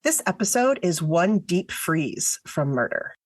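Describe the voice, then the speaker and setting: A young adult woman co-hosting a true-crime podcast, telling the story in a chatty, animated way and laughing often. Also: on the low side, measured pace. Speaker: podcast co-host. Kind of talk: casual true-crime chat.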